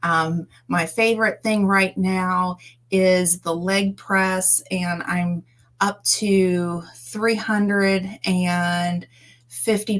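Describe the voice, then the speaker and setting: A bubbly woman hosts a relaxed livestream chat. She gushes over each viewer and fills her talk with ums and little asides. Her voice sits in an ordinary middle register. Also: medium pitch. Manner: bubbly, effusive greetings, many fillers. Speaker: livestream host. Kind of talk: casual chat. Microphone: streaming mic.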